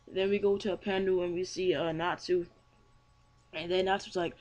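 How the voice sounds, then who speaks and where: A man's voice: high voice, little pitch movement, brisk, a little mellow. A young man casually reviewing a manga chapter, rambling with many fillers and restarts. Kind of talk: casual chat.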